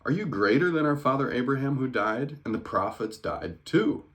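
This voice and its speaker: A man's voice: medium pitch, animated, normal speed, fairly bright tone, pitched above the performer's own voice, natural voice. A man reading the lines of an indignant crowd from scripture, lifting his voice a little and speeding up. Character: crowd of questioning, indignant temple men.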